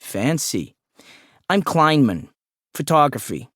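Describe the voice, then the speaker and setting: A man's voice: mid-range voice, animated, normal speed, no echo, studio quality, natural voice. A man voicing a short, bald, chatty office photographer with a nasal drawl who pants as he talks. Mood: chummy. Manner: eager, conspiratorial. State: panting.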